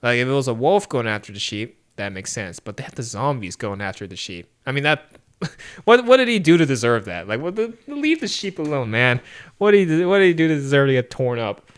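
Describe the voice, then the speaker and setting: A man co-hosting a podcast, chatting casually about a film, animated and laughing often as he acts out lines. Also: medium pitch, brisk, clean tone. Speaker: podcast co-host. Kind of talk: casual movie review chat.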